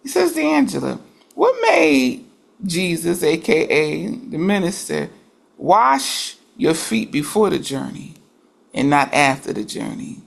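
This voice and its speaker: A woman's voice: low-pitched, sing-song, takes it slowly, gravelly. A woman in a religious study group, reflecting aloud in a casual discussion, with frequent restarts as she works through her ideas.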